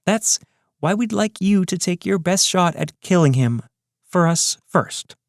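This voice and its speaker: A man's voice: high voice, expressive, a little slow, gravelly, no echo, studio quality, voice pushed up, full character voice. A man voicing a smug, scheming villain who taunts his old partner in a condescending, mocking way, in a serial audiobook reading.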